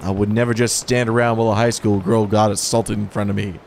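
A man streaming gameplay live, joking and rambling through commentary, yelping when excited, with a sore throat. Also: lowish voice, quick pace, gravelly, a little hiss or hum. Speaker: gaming streamer.

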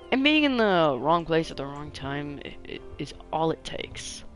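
Rambling man with a slightly high voice. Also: sing-song, measured pace, a bit bright, soft background music. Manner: rambling, self-deprecating, laughing at himself. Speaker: let's player. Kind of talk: casual game commentary.

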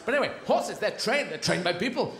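A man's voice: sits high, animated, fast talker, heavy background noise. A man doing a stand-up comedy routine on a live stage, rambling playfully and slipping into silly voices and sound effects. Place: live theatre stage with audience. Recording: roomy live stage recording.

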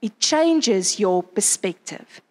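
Animated woman preaching, echoey hall. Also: mid-range voice, slow. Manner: animated, asks the crowd frequent rhetorical questions. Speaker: conference speaker. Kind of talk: sermon. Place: conference venue.

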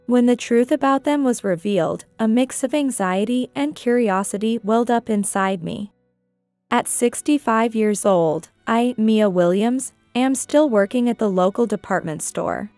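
A woman reading a scripted first-person story in a measured, even way. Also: fairly high pitch, clean tone, no echo, soft background music. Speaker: narrator.

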